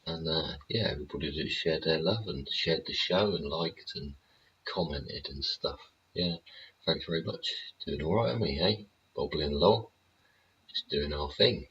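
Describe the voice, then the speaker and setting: A man's voice: a bass voice, normal speed, a bit bright, slight background noise. A man hosting his show in a casual, rambling rant, swearing freely and tossing in tag questions. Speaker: show host. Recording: dull lo-fi recording.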